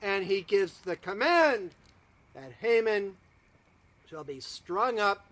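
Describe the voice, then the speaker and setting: A man, a rabbi, telling a story to students in a dramatic, expressive way. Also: sits high, slow, gravelly.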